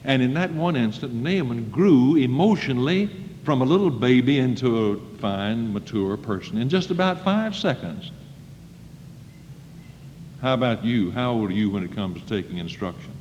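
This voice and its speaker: A man's voice: medium pitch, very animated, normal speed. Male preacher, folksy sermon delivery, faint hiss on an old, muffled tape. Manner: folksy, acts out quoted voices, rising to loud emphasis. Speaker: preacher at a school chapel. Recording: dull old recording in a reverberant hall.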